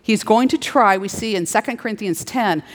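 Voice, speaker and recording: A middle-aged woman preaching a sermon, playful and animated, slipping into little acted-out dialogues. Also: mid-range voice, moderate pace. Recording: long hall reverb.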